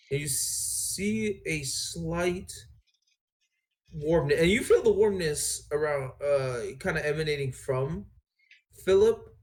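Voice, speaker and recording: A man's voice: fairly high pitch, a little mellow. A man narrating as game master in a casual, rambling way with many fillers.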